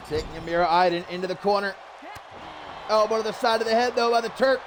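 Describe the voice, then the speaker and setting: A man calling a wrestling match as play-by-play commentator, loud and animated, shouting over the action. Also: high-pitched, fast, a crowd in the background, background noise.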